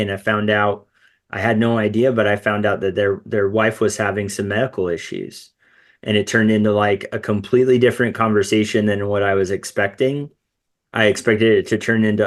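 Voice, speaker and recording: Man, low voice, little pitch movement, earnest podcast conversation. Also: steady tone, moderate pace.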